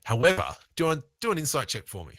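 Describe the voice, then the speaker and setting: A man with an Australian accent narrating a tabletop game as game master, relaxed and thinking aloud. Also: fairly high pitch, fast talker, no echo.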